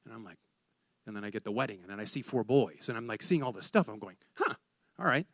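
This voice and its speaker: A man's voice: lowish voice, fast talker, no echo, clean studio sound. A man preaching a sermon, telling a story and acting out the conversation, then rising to fervent exhortation.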